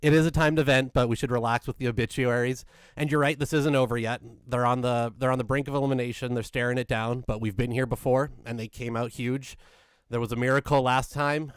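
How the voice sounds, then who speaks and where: A man co-hosting a call-in hockey post-game show, speaking in an even-keeled, measured way while taking callers. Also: mid-range voice, clear, resonant tone, no room sound, studio quality. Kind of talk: casual chat.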